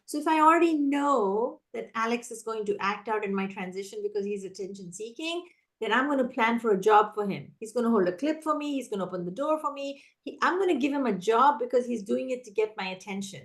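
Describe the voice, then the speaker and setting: Lively woman leading a teacher training. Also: a little high, fairly quick. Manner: energetic, animated, acts out teacher and child voices. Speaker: classroom management trainer. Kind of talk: live webinar Q&A teaching.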